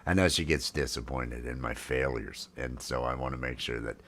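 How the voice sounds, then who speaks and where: Sipping coffee at home during his casual live stream, a man in his fifties rambles along with frequent fillers and restarts. His voice is a rumbling low, a bit bright, with fairly even intonation and a moderate pace.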